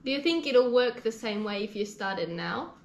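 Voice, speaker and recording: Woman interviewer with a fairly high voice in an echoey room. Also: animated, moderate pace. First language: Japanese. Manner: soft follow-up questions with short backchannel replies. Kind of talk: casual interview.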